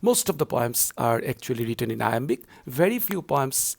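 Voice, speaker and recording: Gravelly-voiced man lecturing with many fillers. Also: mid-range voice, big pitch swings, normal speed, a little mellow. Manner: repetitive, explanatory, frequent filler "uh". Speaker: university lecturer. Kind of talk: recorded lecture on poetry scansion.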